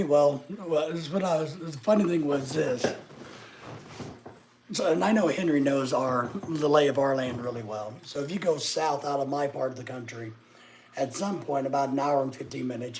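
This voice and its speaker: A middle-aged man from Arkansas is livestreaming and answering chat, chatting casually with viewers and teasing them sarcastically. His voice is medium-pitched with a darkish tone, and there's slight background noise.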